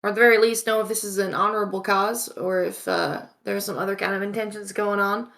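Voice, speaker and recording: A woman's voice: medium pitch, fairly even intonation, fast, creaky, a bit bright. A woman voicing a curious, honest young adventurer in a put-on Southern accent, asking polite, careful questions. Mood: inquisitive. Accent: American Southern, put on.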